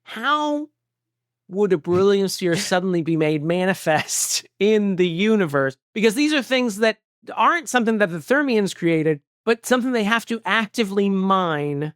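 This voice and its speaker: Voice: mid-range voice, animated, moderate pace, fairly bright tone, no room sound, studio quality. A podcast co-host in casual chat, rambling through nerdy asides and laughing often. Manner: rambling, self-described nerd logic, laughs often.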